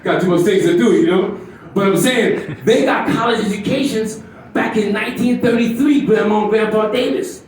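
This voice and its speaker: A man's voice: high voice, normal speed, very echoey, far from the mic, poor audio. A man in his fifties doing a brash, profane stand-up comedy set on a club stage, teasing the crowd. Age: 50s.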